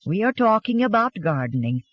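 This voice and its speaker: Narrator voicing a fond husband, hushed amused tone, lively pitch, dry dull sound. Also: brisk, no echo. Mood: sly. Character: affectionate Swedish farmer husband, laughing.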